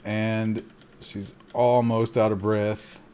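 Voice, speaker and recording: A man streaming a survival game, giving live commentary with excitable gasps between calm asides and talking to his chat. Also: on the low side, slow, smooth. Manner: talks to chat.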